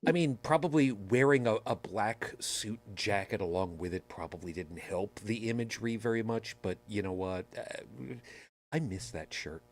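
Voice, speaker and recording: A man's voice: lowish voice, normal speed. A man hosting a podcast, chatting casually and telling rambling, self-deprecating stories. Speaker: podcast host. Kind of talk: casual chat.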